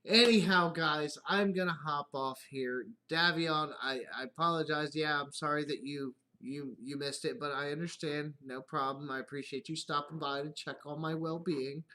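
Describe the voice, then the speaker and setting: A man's voice: a little high, fairly even intonation, normal speed, hardly any pauses, bright, forceful tone. A man hosting his own live stream, rambling through casual stories about his kids with plenty of swearing and laughter. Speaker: YouTube channel host.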